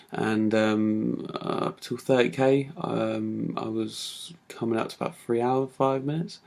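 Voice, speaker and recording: A man's voice: fairly low pitch, creaky, a little mellow. A man telling a personal story in a talk, casual and full of fillers. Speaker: speaker giving a talk.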